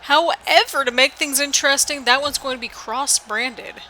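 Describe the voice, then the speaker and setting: A gaming channel host from the United States gives chatty, rambling play-by-play over a video game, her accent a blend of northern, midwestern and southern. Her high voice has a sharp tone at a moderate pace, on a low-quality recording with a little hiss or hum.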